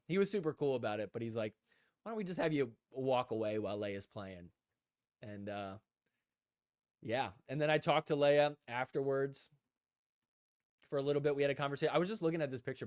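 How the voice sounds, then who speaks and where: A young adult man hosting a casual live stream, telling animated stories, acting out what people said, and laughing often. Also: medium pitch, clear, resonant tone, dry recording, studio quality. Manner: animated storyteller, acts out quotes, laughs often. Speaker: host.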